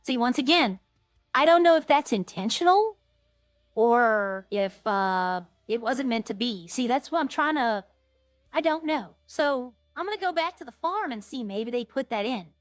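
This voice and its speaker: A woman streaming a roleplay game, talking casually as she plays. She rambles, trails off and restarts her thoughts. Her voice sits a little high and sounds dry and close, with faint music behind her. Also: lively intonation, measured pace, no room sound. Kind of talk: casual streaming chat while playing.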